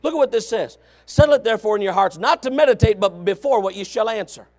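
High-pitched shouting preacher. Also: male voice, expressive, quick pace. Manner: swings from low conversational asides to shouted exhortation; repetitive, emphatic preaching cadence. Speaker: pastor. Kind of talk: revival sermon.

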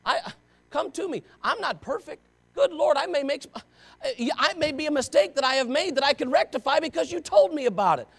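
This man's voice is very high, animated, brisk, and slightly bright. Preaching as a pastor, he addresses his congregation head-on, impassioned yet conversational, challenging them with one rhetorical question after another.

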